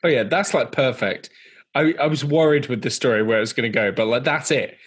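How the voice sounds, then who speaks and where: A man co-hosting a podcast in casual chat, relaxed and informal. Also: mid-range voice, a little fast, slightly rough. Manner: casual, uses "mate". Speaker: podcast co-host.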